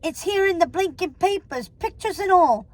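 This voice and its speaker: A woman voicing a gruff, dim-witted male henchman who whines and blusters. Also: extremely high pitch, animated, moderate pace, darkish tone, dry recording, pitched above the performer's own voice. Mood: whiny.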